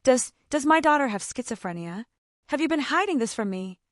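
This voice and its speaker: A woman's voice: high voice, very animated, a little fast, dry recording, clean studio sound. A woman reading the lines of an older father faking trembling, whimpering grief. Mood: feigned distress.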